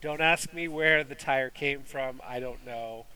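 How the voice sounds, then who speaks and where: A man's voice: mid-range voice, measured pace, sharp tone, poor audio. A man hosting a casual movie review chat, rambling with fillers and restarts. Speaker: movie review podcast host.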